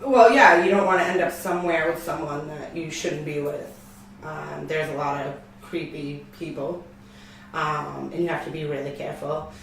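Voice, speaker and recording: A woman's voice: low voice, normal speed, gravelly, a little hiss or hum. A woman guest speaks bluntly in a loose chat, giggling as she goes. She sits far from the mic in a very echoey room, with faint ambience in the background. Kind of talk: casual chat.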